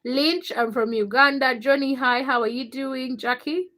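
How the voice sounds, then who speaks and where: A woman's voice: sits high, fairly even intonation, moderate pace, fairly bright tone. A young woman hosting a casual livestream, greeting viewers by name between stretches of personal storytelling. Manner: reads viewer names and greets them, then tells a personal story. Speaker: livestream host.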